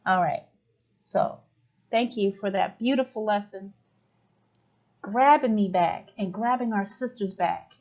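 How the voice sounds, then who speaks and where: A woman's voice: mid-range voice, measured pace, long pauses, darkish tone. Effusive woman hosting, lo-fi sound. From United States. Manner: effusive, exclaiming, affirming guests. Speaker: podcast host. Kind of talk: spiritual talk show chat.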